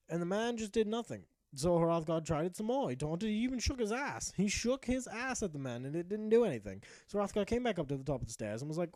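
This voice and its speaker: A man's voice: high-pitched, warm tone, no echo. A young man giving profane, mock-epic narrated commentary over a game he plays. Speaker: gaming commentator. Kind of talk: comic narrated gameplay commentary.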